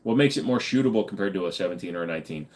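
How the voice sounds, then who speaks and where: Low-voiced joking livestream host. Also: male voice, expressive, racing, a little mellow. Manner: loose, joking, swears casually, reads chat aloud. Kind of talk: casual live chat answering viewers.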